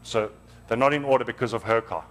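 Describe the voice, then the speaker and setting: A man's voice: mid-range voice, fast talker, fairly bright tone. A man, preaching a storytelling sermon in a church in an earnest, emotional, conversational way.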